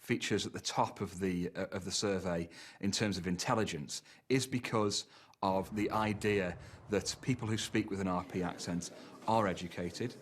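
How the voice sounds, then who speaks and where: A man speaking as an expert in an interview, explaining at a measured pace with frequent hesitations. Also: deep voice, steady tone, breathy edge. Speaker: language expert.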